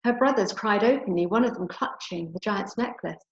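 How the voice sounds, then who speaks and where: A teacher with an English accent reads a story aloud to her class, then talks it through in a gentle, encouraging way. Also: mid-range voice, moderate pace. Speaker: primary school teacher. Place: home room. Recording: roomy, dull home recording.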